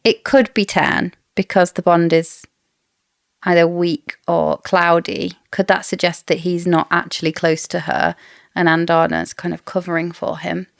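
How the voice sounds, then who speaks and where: A woman's voice: fairly low pitch, little pitch movement, a little slow, gravelly, no echo, clean studio sound. A woman co-hosting a casual book discussion podcast, chatty and theorizing with frequent laughs. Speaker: podcast co-host.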